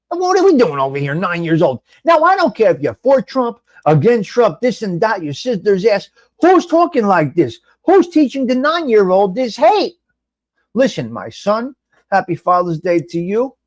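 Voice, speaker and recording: A high-voiced, middle-aged man rambles through a casual live chat on a webcam mic. His pitch swings widely as he calls out viewers by name and drops the odd curse. The sound is dry and close. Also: normal speed, no room sound. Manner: animated, rambling, swears, addresses chat by name. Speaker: live show host.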